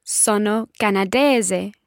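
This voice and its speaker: A woman's voice: medium pitch, takes it slowly, dry recording, clean studio sound. A Scottish woman co-hosting a podcast language lesson as the learner, carefully repeating phrases after the teacher. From Scotland. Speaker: learner co-host.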